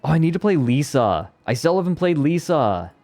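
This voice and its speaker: Excitable man chatting on stream. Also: a little high, soft background music. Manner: excitable, repeats words in rapid bursts. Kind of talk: casual live-stream chat.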